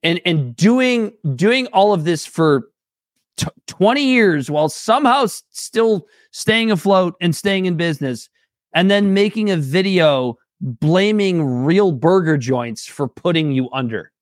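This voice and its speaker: A man co-hosting a political podcast with a voice set a little high for a man. He talks bluntly and heatedly and swears freely. The sound is dry and close to the mic. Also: expressive, a little slow, no room sound. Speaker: podcast co-host. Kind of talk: casual political podcast chat.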